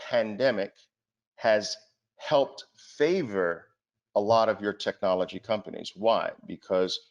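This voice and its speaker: A man's voice: on the low side, a little slow, vocal fry, highs cut off. A man giving a market presentation, speaking emphatically and asking the audience rhetorical questions. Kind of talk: trading seminar presentation.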